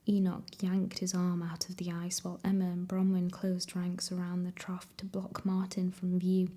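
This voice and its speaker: A woman reading a novel aloud as an ASMR reader, in a soft whispered role-play. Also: lowish voice.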